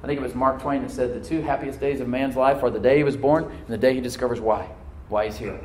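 A man's voice: mid-range voice, fast, darkish tone, a little hiss or hum. A male pastor preaching a sermon to his congregation. He repeats phrases, restarts lines, and asks "Amen?" to draw out responses. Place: church sanctuary with congregation. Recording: roomy church echo.

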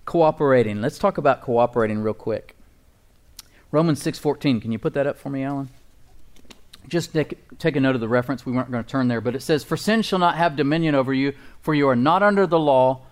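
A pastor preaches a sermon with emphatic, folksy energy, frequently asking the congregation to agree and chuckling at his own points. His medium-pitched voice is smooth and fairly quick.

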